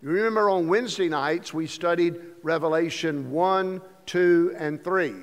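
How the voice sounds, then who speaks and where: A man preaching as pastor, slowing down to stress the scripture he quotes. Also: a little high. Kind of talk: sermon. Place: church sanctuary. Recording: long reverb of a church hall.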